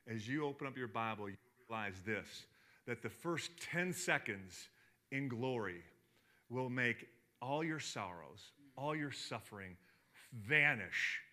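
A man preaching a sermon as pastor, animated, dropping to a hush and then building up loud, often repeating his words. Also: medium pitch, unhurried. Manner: animated, swings from hushed to loud, repeats himself.

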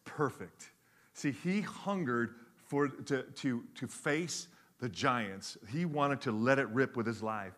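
A middle-aged man, preaching a sermon with animated, joking storytelling. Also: mid-range voice, slow pace. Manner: animated storytelling with jokes, varied pace. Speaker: pastor.

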